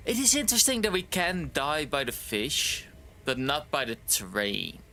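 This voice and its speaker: Lively bright-voiced male streamer. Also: fairly high pitch, measured pace, slight background noise. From Canada. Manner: chatty, rambling, tipsy. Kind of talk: casual game commentary.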